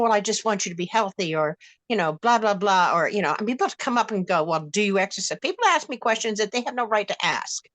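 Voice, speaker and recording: Blunt, bright-voiced older woman. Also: medium pitch, dry recording. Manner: blunt, fired-up storytelling with many restarts. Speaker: panelist. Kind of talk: casual panel discussion.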